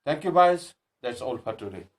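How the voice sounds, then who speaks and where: A male teacher walks students through a grammar lesson, saying each example sentence slowly and then repeating it. He hesitates often, breaking off words and restarting them. His pitch sits in the ordinary middle range for a man. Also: very animated. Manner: slow, deliberate delivery, repeating example sentences with emphasis; frequent hesitations and self-corrections. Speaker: English teacher.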